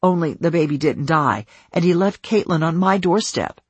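A narrator voicing a desperate father pressing for help, speaking in a low, tense register, recorded dry. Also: animated, moderate pace, slightly rough, dry recording. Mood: urgent, pressing. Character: desperate father searching for his missing daughter.

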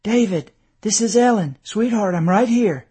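A man's voice: high-pitched, normal speed, dark tone, slightly rough, voice pushed up. A man voicing a worried, loving wife who pleads and comforts in a raised, tender tone. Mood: pleading.

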